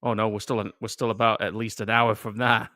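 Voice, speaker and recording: A man's voice: on the low side, flat delivery, brisk, bright, forceful tone, no room sound. English guy chatting over a horror movie, chuckles a lot, dry close mic. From England. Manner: laid-back, chuckling, casual swearing. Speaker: co-host. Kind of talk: casual live movie commentary.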